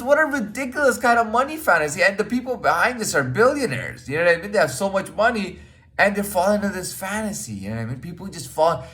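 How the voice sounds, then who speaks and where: A man's voice: fairly high pitch, a bit bright. A man talking casually in a rambling monologue, full of fillers and restarts, blunt and swearing freely. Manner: rambling, repeats himself, frequent fillers and "man". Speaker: podcast host.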